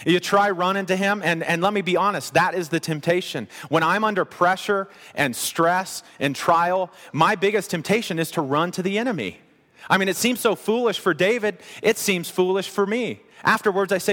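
Animated preacher in a reverberant hall. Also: male voice, high-pitched, fairly quick. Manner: animated, conversational preaching with playful asides. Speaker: pastor. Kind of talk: sermon.

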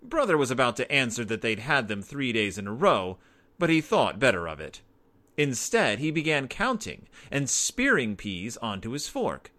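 A man narrating a children's storybook aloud in an expressive, animated way. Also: medium pitch, normal speed.

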